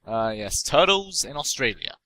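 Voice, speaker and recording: A man's voice: medium pitch, very animated, normal speed, pushed and bright. A young man giving casual, jokey let's-play commentary, rambling in self-mocking asides as he plays. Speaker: gameplay commentator. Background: game music.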